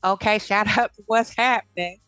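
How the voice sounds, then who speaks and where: A woman's voice: medium pitch, steady tone, normal speed, fairly bright tone, clear, resonant tone, no room sound, faint music behind. A woman giving blunt, heated commentary in a casual vlog, cursing freely. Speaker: commentary vlogger.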